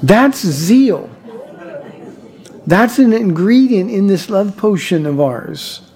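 A man's voice: high voice, animated, takes it slowly, a little mellow. A man preaching a sermon as pastor, earnest, often repeating words as he goes and telling stories from his own life. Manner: earnest preaching with frequent word repeats and told anecdotes.

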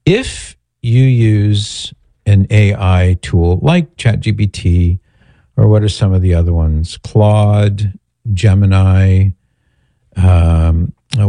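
A man's voice: low-pitched, slow pace, mellow, dry recording. A man hosting a call-in radio show, chatting in a folksy way and joking with his producer. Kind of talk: casual call-in radio talk.

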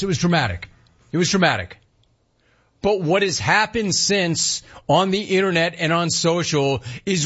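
Man, sports talk radio host, husky, emphatic monologue, muffled broadcast sound. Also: on the high side, a bit bright. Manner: emphatic, punchy, repeats lines for effect. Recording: muffled broadcast audio with faint music.

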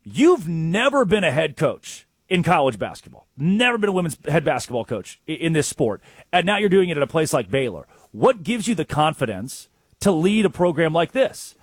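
A man co-hosting a sports talk show, telling stories in an excitable way and acting out quotes. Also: a little high, moderate pace, slightly rough, dry recording, studio quality. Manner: storytelling, acts out quotes, excitable.

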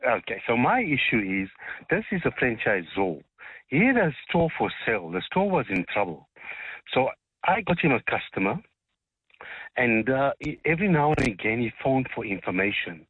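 A man's voice: mid-range voice, big pitch swings, moderate pace, breathy edge, dry recording. A polite man calling in to a radio show from South Africa to explain a business dispute. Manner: polite, storytelling. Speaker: caller. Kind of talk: radio phone-in call. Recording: tinny phone line.

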